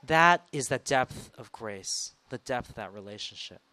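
A man's voice: mid-range voice, expressive, a little slow, pushed and bright. A man preaching a sermon in a conversational way, retelling scripture and acting out quoted lines with rising emphasis.

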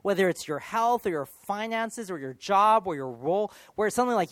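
A man preaching a sermon in an earnest, animated way, sometimes dropping to a hushed near-whisper. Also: high voice, brisk, hardly any pauses, dry recording.

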